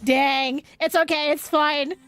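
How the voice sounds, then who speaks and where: A young woman streamer reacting out loud as she pulls on a game banner, groaning and cheering at the results. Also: sits high, fairly even intonation, takes it slowly, over music. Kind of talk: live gacha game stream.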